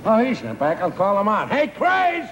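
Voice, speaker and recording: A man's voice: sits high, wildly swooping pitch, normal speed, muffled recording, very noisy. A man hosting a comedy show, delivering a brash comic monologue, recorded on old TV audio in a reverberant studio with an audience. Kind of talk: comic monologue and sketch banter.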